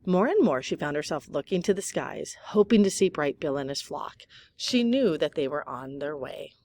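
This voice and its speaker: Woman reading a kids book out loud, calm, low-ish voice, little slips here and there. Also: normal speed. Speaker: audiobook reader. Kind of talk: reading a children's novel aloud.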